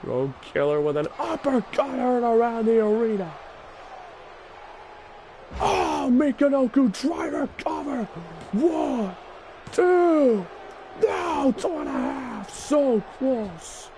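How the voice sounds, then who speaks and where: A man calling a wrestling video game match play-by-play, excitable and often shouting. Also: very high-pitched, slow pace, slight background noise. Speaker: gaming channel host.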